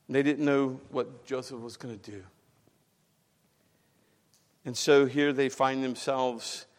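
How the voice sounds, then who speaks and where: Male pastor, sermon, loud emphatic peaks and hushed drops, mid-pitched, long church reverb. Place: church sanctuary.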